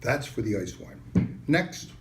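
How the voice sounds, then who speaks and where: A man presenting a wine and cheese tasting, enthusiastic and casual in a sales-pitch manner. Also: sing-song, takes it slowly, slight background noise. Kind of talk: product tasting demonstration.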